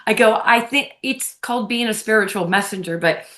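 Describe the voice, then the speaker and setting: A woman guest on an interview, telling personal stories in an effusive, animated way and laughing often, talking over a remote call. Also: fairly high pitch, fairly quick. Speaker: podcast guest, medium. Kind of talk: casual storytelling interview. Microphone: phone or remote call.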